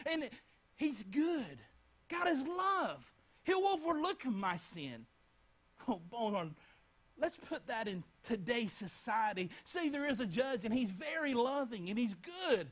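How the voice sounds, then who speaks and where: A man's voice: high-pitched, animated, a little slow, a bit bright, slightly rough, poor audio. A young man preaching a Bible lesson, speaking earnestly and repeating phrases as he addresses his listeners directly. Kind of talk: Bible teaching talk.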